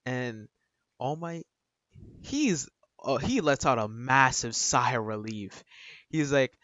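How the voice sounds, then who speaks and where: A man's voice: mid-range voice, expressive, slow, bright, forceful tone, no echo. A man casually retelling a fan story in a rambling, slangy way with many fillers. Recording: dull, dry lo-fi recording.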